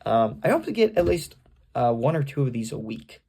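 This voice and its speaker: A young man with a gravelly, fry-heavy voice rambles and rambles, filling gaps with "like" and "um" as he reads aloud at home. He is recording casually on the camera's own mic, and his talk stays at an ordinary middle pitch. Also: sing-song, a little fast, dark tone. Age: young adult. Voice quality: vocal fry. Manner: rambling, self-conscious, many fillers. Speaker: grandchild recording readings for family. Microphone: camera's built-in mic, no external microphone.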